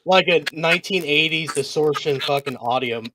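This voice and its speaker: Slightly high-voiced and at normal speed, this podcast host leads a casual wrestling chat over background noise, laughing and teasing his co-hosts while running the segments and moving through the matches.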